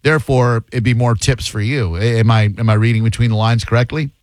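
A man's voice: medium pitch, steady tone, fast talker, no echo, studio quality. A man from Florida hosting a call-in radio show, bantering playfully and tossing in Spanish words. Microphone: studio microphone.

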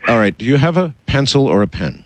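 A man hosting a call-in radio show, cutting in and pressing his caller in a halting, insistent way. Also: mid-range voice, sing-song. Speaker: radio host.

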